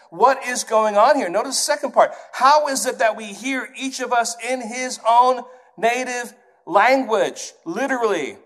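Male preacher raised in England, higher-pitched voice, lively sermon delivery with playful put-on accents. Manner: animated, puts on accents to illustrate points.

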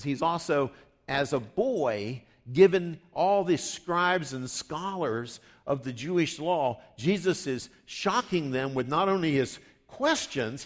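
A man preaching a sermon in a conversational way, rising for emphasis and dropping low for asides. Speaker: pastor.

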